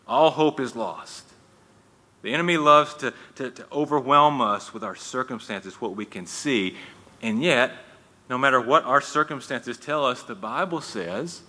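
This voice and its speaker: Male pastor, sharp and bright tone, casual sermon delivery with restarts, long hall reverb. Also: mid-range voice. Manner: conversational, with frequent restarts and folksy asides.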